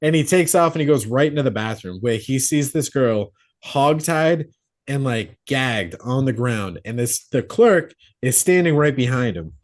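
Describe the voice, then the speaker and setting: Here a podcast co-host with a mid-range voice runs through a horror movie's story at normal speed on a podcast mic. It's a loose, animated recap full of swearing, with him voicing the characters' quoted lines himself.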